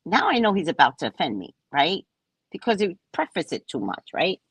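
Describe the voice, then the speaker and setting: A woman host telling a story in casual chat, mocking and animated, laughing often and jumping high when exasperated. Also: fairly quick, breathy edge, no room sound. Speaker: podcast host.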